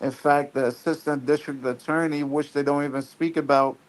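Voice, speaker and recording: A man in his twenties from Staten Island, calling in to a live stream and earnestly telling his story with halting restarts. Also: fairly high pitch, fairly even intonation, poor audio. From Staten Island, New York. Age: 20s. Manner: earnest, halting, repeats himself. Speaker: caller guest.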